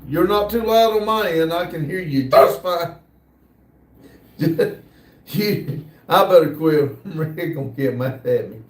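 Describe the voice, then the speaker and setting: An American man hosting a livestream, casually reading viewer comments aloud in an easygoing, hesitant way with many pauses. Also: a little high, expressive, distant mic. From United States. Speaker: livestream host. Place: workshop building near a shop area. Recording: roomy sound, voice from off the mic.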